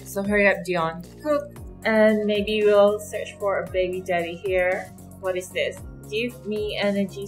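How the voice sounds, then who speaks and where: A woman hosting her own gaming channel, giving casual let's-play commentary. She is chatty and excitable, laughs often, and talks straight to the characters on screen. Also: mid-range voice, poor audio. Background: faint background music.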